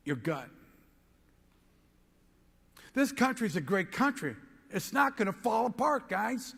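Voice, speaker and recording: A man giving a motivational keynote speech, telling an excitable story and rising to shouts. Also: very high voice, gravelly, in a large hall. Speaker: motivational speaker.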